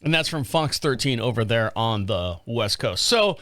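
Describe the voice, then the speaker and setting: A man's voice: medium pitch, lively intonation, normal speed, a bit bright, no echo. A man hosting a podcast in a studio, who talks in a casual, folksy, rambling way and jokes along as he goes. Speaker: podcast host. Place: small radio studio. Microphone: studio microphone.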